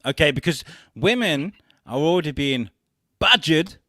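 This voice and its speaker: A man's voice: on the high side, animated, moderate pace, bright, forceful tone, no room sound, studio quality. A man co-hosting a comedy podcast, bantering crudely and joking around. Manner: crude, jokey, puts on silly voices. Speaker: co-host.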